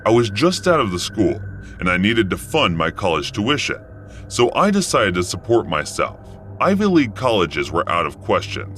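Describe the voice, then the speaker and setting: Deep-voiced man telling a horror story. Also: fairly bright tone, a little hiss or hum. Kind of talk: first-person horror story narration.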